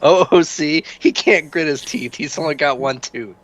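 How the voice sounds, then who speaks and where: A man's voice: on the high side, a little slow, a bit bright, dry recording. A man playing a tabletop game, joking and a little hesitant in his replies. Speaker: player. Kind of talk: casual tabletop play.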